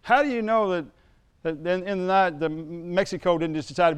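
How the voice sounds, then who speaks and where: High-voiced smooth male preacher. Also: moderate pace. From United States. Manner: storytelling, rising to emphatic preaching. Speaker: pastor. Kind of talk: sermon.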